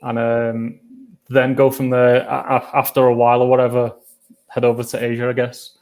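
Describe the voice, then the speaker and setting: A man's voice: medium pitch, monotone, normal speed, a little mellow. A man chatting over a video call as a guest travel vlogger, telling rambling anecdotes in a casual way. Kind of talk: casual chat.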